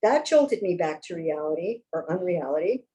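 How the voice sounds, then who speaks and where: A woman author reading her own fiction aloud, with wry, expressive first-person narration. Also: fairly low pitch, moderate pace, rough recording.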